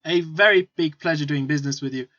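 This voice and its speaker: A man voicing a smooth, eager-to-please male merchant, chatty with lots of filler. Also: on the high side, fast, sharp tone. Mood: salesy. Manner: salesman patter, full of fillers. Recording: dull lo-fi recording with faint music.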